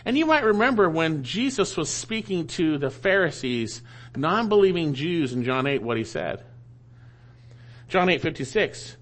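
Emphatic preacher man with a lively voice. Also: fairly high pitch. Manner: emphatic, repeats key phrases for stress. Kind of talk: sermon teaching through a Bible passage.

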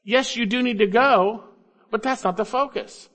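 A man preaching an expository sermon, emphatic, coaxing listeners along with rhetorical questions and swinging between loud stresses and low asides. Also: normal speed. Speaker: preacher teaching Bible grammar.

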